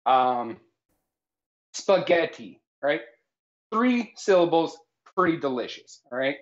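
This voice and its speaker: A man's voice: on the high side, big pitch swings, slow. Guy cohosting a silly cooking stream, talks like a know-it-all teacher, kinda muffled lo-fi sound. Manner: mock-authoritative, keeps tagging lines with "all right?". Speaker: cooking show co-host. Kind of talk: jokey live cooking stream chat. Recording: slightly dull lo-fi stream audio.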